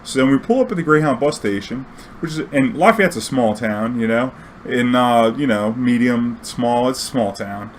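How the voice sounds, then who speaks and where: Man, mid-pitched, loose and profane, acts out the dialogue in a casual story. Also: expressive, moderate pace, slight background noise. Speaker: storyteller and streamer. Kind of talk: casual anecdote telling.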